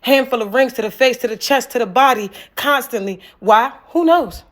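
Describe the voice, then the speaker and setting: A woman performing an improvised spoken word poem, raw and accusing, swinging between hushed lines and forceful ones and repeating words like refrains. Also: fairly high pitch, moderate pace.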